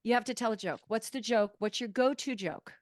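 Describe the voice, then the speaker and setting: Playful lady host, high voice that swings around, dry sound. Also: brisk, no room sound. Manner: playful, teasing. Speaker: podcast host. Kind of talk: casual podcast chat.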